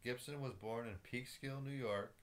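A man, co-hosting a casual chat show, easygoing and quick to laugh. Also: medium pitch. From United States. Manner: easygoing, laughs often, asks questions. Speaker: co-host.

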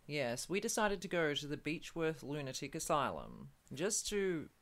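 An Australian man co-hosts a casual podcast, arguing playfully with his partner. His voice sits a little high and swings animatedly up and down. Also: very animated, moderate pace, a bit bright. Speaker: co-host.

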